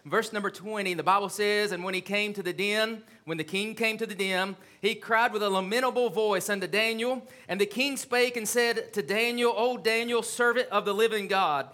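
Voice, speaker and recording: A man's voice: high-pitched, normal speed, hardly any pauses, pushed and bright. A man preaching a sermon as pastor, reading scripture and asking the congregation rhetorical questions with rising fervor. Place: church sanctuary.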